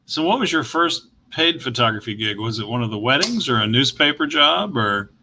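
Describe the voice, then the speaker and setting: Bright-voiced male interview host. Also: medium pitch, expressive, brisk, a little hiss or hum, low-quality recording. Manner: encouraging, frequent short affirmations. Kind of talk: casual interview.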